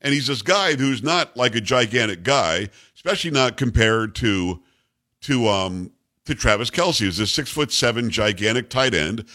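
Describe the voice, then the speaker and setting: Man, middle-aged, talk show host, blunt, emphatic, repetitive, lively intonation. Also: medium pitch, normal speed. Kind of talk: opinionated monologue on sports news.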